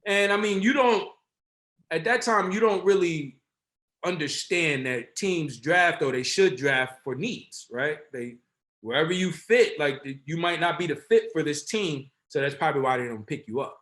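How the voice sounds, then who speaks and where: Guest, man from NJ, thirties, lively rambling talker, higher voice. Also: normal speed. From Essex County, New Jersey. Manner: animated, rambling with slang and self-corrections. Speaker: guest, former pro football player. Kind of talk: casual storytelling.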